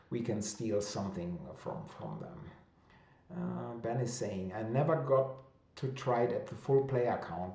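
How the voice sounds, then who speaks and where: Slow-talking German man hosting a chat. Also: medium pitch, vocal fry, mellow, reverberant. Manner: hesitant with many fillers and restarts, laughs easily. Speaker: host of a weekly publisher chat. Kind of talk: casual livestream chat reading viewer comments.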